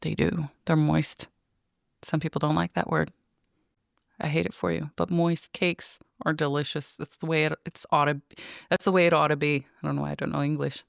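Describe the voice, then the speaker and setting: A middle-aged woman with a deep voice hosts her own podcast, chatting casually to listeners in a solo monologue. Her tone is level, her pace moderate, and there's vocal fry as she rambles in a playful, self-mocking way. The sound is clean studio audio with no room sound.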